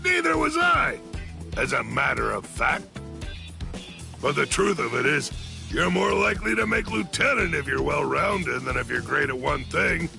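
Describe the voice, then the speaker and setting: An actor playing a gruff, hard-drinking male warrior in a video game, who scolds and shouts. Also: fairly high pitch, sing-song, normal speed, over music, heavily acted.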